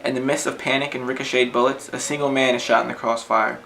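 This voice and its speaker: A man reciting his own spoken-word poem in an earnest, measured way. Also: medium pitch, little pitch movement, gravelly, bright, forceful tone, slight background noise, rough recording. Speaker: poet, podcast co-host.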